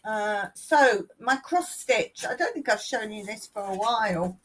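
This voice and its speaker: A woman's voice: medium pitch, lively intonation, a little slow, fairly bright tone, rough recording. A middle-aged woman hosting a casual live stream, chatty and rambling, often laughing as she talks.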